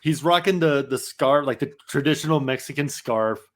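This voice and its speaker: Man telling stories with animated profanity. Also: mid-range voice, moderate pace. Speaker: podcast co-host. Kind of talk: casual chat.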